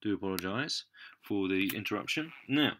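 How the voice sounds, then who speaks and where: A man's voice: on the low side, animated, normal speed, bright, forceful tone, slight background noise. A man teaching French phrases, patiently stressing each French word and addressing his listeners as ladies and gents. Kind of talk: slow explanatory lesson.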